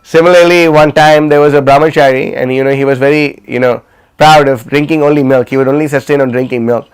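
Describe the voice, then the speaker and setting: In a livestreamed class, a man tells stories casually and fast, full of fillers and restarts. His medium-pitched voice stays fairly even in intonation, and the tone is clean.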